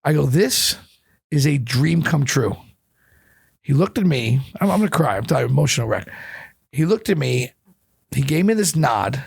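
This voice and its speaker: A middle-aged man telling animated stories in an interview, profane and repeating words when he gets going. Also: on the high side, brisk, creaky, husky. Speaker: chef and guest. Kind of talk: storytelling interview chat.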